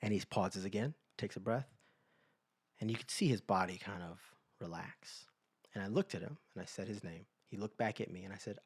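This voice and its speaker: A man's voice: on the low side, a little fast, slightly rough. A man co-hosting a podcast, telling personal stories in a casual chat and acting out the people he quotes. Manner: animated storyteller acting out quoted voices. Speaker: podcast co-host.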